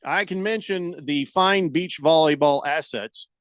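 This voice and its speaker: A man's voice: fairly high pitch, measured pace, no echo, clean studio sound. A man hosting a radio show, joking and reading listener comments aloud in casual banter.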